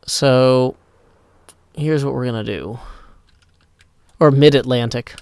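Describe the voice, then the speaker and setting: A man chatting casually on a live stream, reading chat aloud and rambling through answers on a desk mic that clips when loud. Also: mid-range voice, takes it slowly, clean tone, dry recording.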